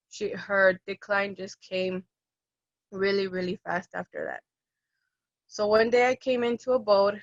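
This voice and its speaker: A woman's voice: mid-range voice, dry recording. Young woman caregiver telling a story. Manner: animated, acts out quoted voices. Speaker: end-of-life caregiver. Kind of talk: personal storytelling. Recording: dull, dry lo-fi recording.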